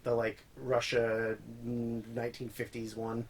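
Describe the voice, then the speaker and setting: A man's voice: mid-range voice, monotone, unhurried, low-quality recording. A man co-hosting a podcast, trading dry, teasing banter in casual chat. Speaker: podcast co-host.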